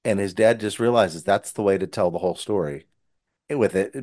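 A man's voice: fairly low pitch, moderate pace, a little mellow. A man who writes Christian children's books, earnestly retelling one of his stories in casual conversation with frequent restarts. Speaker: Christian children's book author. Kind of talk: casual storytelling.

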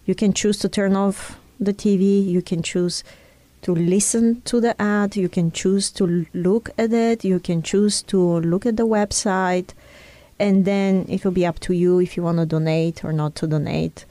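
A woman's voice: medium pitch, fairly even intonation, normal speed, warm tone, dry recording. A woman in an earnest conversation, explaining ideas in a teaching tone and drawing on personal examples. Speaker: speaker in a conversation.

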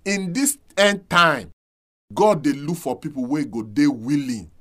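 Emphatic Nigerian man preaching. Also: unhurried. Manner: emphatic preaching, sharp rises and drops in pitch and volume. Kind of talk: radio sermon.

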